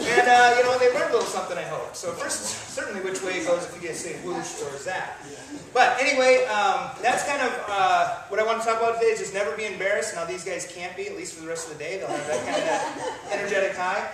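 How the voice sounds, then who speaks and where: An upbeat, playful man with a very high voice is running an improv icebreaker game for a crowd. He is heard from some distance in a very echoey room, with people chattering nearby. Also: fast. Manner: upbeat, playful, bursts into loud exclamations. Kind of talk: energetic live game demonstration.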